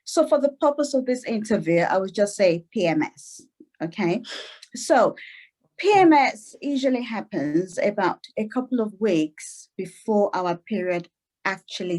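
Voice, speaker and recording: A woman clinician, a guest on the show, explaining in a lively way, laughing often and acting out little quotes. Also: medium pitch. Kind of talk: explaining in an interview.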